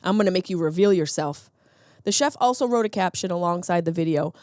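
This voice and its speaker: A woman's voice: lowish voice, lively intonation, a little fast, a little mellow, dry recording, studio quality. A woman in her thirties hosting a comedic solo podcast, riffing sarcastically on news stories. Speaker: podcast host.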